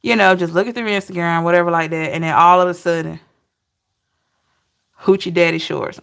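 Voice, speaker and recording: A woman tarot reader chatting casually with her live-stream viewers, laughing and talking back to them by name, with drawn-out, disbelieving exclamations. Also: lowish voice, fairly even intonation, creaky, fairly bright tone, smooth.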